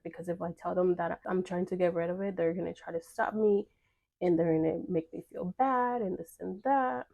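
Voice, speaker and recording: Young woman telling a story to her viewers, kinda low and warm voice, acts out what people said. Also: fairly even intonation, normal speed, vocal fry. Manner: chatty, filler-heavy, acts out quoted dialogue. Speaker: vlogger telling a personal story. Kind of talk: casual storytime chat.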